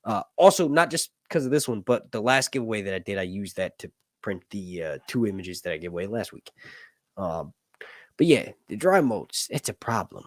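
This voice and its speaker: A man's voice: fairly low pitch, sing-song, moderate pace, no echo, studio quality. A man hosting a casual livestream chat, rambling with lots of fillers and jokes. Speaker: host.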